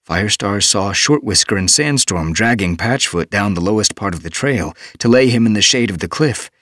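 A man reading an audiobook as narrator, steady and measured. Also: fairly low pitch, no echo. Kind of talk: scripted narration. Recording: dry studio booth.

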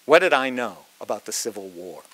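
A man in his sixties from Massachusetts, reading a prepared lecture in a reflective, wry way, with measured pauses. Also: medium pitch, very animated, a bit bright. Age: 60s.

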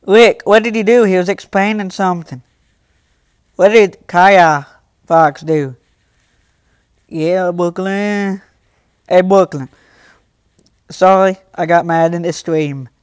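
Teen boy livestreamer, high and smooth, dry close sound, chats straight to viewers and flares up fast. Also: fairly even intonation, no room sound. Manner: talks straight to chat, quick to anger, protective. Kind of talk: casual livestream chat.

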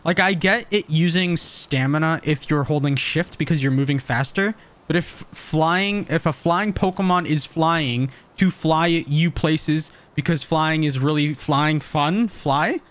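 A man streaming a game, reacting with excited, jokey commentary and frequent laughs. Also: a little high, unhurried. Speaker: gaming streamer.

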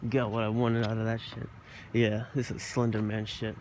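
A man's voice: fairly low pitch, monotone, moderate pace, a little mellow, a little hiss or hum. A young man vlogging while walking outdoors at night, rambling in a goofy, profane way into a phone camera. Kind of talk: rambling casual monologue.

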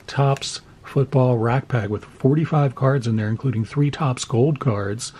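Card channel host, male, crisp clear voice, casual rambling commentary, self-deprecating. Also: mid-range voice, unhurried, dark tone, low-quality recording. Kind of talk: casual pack-opening commentary.

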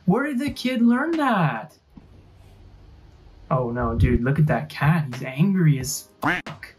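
A woman's voice: low voice, sing-song, slow pace, a little mellow, slight background noise. A woman hosting a reaction video, casually commenting on funny clips with exclamations and chatty asides.

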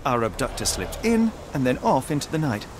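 A man voicing a character in a video game, speaking in a crisp, deductive way. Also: mid-range voice, big pitch swings, a little fast, noisy background, natural voice. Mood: deducing.

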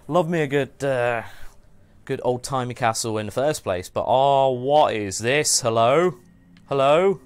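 A man hosting a casual game livestream, chatting in a rambling way and often trailing off and restarting. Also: lowish voice. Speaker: livestream host. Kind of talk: casual gameplay chat.

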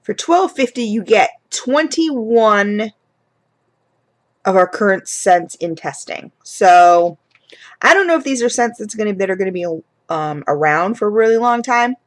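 A woman's voice: medium pitch, animated, unhurried. A woman in her thirties talking casually through a product haul, chatty and rambling with lots of fillers and restarts. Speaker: vlogger reviewing candle products.

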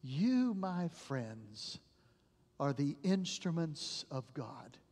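A male pastor preaching a sermon, telling stories dramatically and dropping to a hush at the ends of phrases. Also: a little high, big pitch swings, very slow. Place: church sanctuary. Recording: long church reverb.

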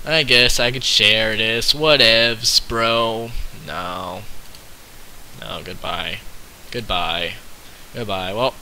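Excitable man with a very bright voice. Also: a little hiss or hum. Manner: excitable, jumps from mumbling to high panicked yelps. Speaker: gaming channel host. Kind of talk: live game commentary.

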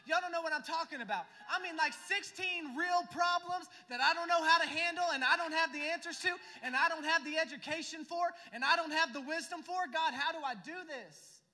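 A man's voice: very high-pitched, sharp tone. A young adult man preaching a sermon as pastor, emphatic and full of rhetorical questions to the congregation. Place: church sanctuary. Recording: church hall reverb.

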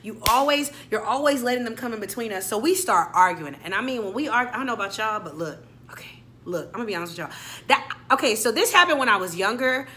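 A woman's voice: on the high side, expressive, fast, bright, forceful tone. A young adult woman, telling a dramatic story and acting out every character. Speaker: storyteller vlogger. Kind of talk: storytime vlog.

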